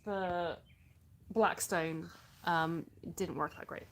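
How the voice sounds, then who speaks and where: A woman's voice: lowish voice, steady tone, takes it slowly, fairly bright tone, a little hiss or hum. Chatty English woman on a live stream. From born in the US, raised in England. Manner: chatty, laughs often, searches for words. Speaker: vlogger answering viewer comments. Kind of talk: casual live-stream chat.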